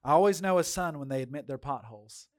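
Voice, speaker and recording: Animated male preacher telling a story. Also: fairly high pitch, fast talker. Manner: animated storytelling, dramatic swings in loudness; folksy, addresses congregation directly. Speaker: pastor. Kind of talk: sermon.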